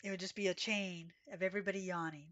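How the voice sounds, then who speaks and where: A woman's voice: fairly low pitch, fairly even intonation, fast talker, a bit bright, dull audio, soft background music. Sleepy chatty woman game streamer. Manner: chatty, reads chat aloud, gasps and exclaims. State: sleepy, yawning. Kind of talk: casual live-stream chat.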